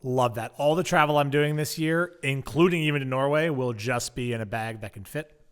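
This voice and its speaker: A man's voice: mid-range voice, brisk, smooth. A man co-hosting a podcast, talking emphatically in casual chat and repeating his points. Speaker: podcast co-host.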